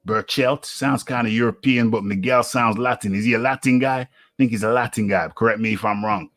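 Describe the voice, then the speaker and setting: A man hosting a boxing talk show, musing aloud in casual commentary with many fillers and pauses. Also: medium pitch, fairly bright tone, no echo. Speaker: boxing radio host.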